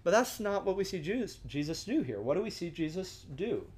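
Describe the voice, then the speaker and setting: A man's voice: high-pitched, very animated, fairly quick, a little mellow. Earnest young man teaching scripture. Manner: earnest, conversational, many restarts and "right?" asides. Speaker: discussion leader. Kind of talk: sermon-style teaching.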